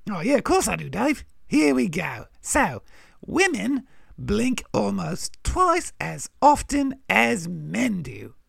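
A man voicing a cheeky, know-it-all male Australian crow with a gravelly voice and brash, slangy talk. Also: high voice, big pitch swings, takes it slowly, a bit bright, no room sound, clean studio sound, heavily acted. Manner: brash, teasing, drawled "mate" and "g'day" slang. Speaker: regular fact-telling puppet character.

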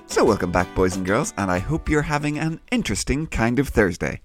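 A middle-aged man with a Northern Irish accent who hosts a children's Bible podcast, explaining things gently and patiently. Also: mid-range voice, animated, fairly quick, soft background music. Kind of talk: warm scripted kids' Bible teaching.

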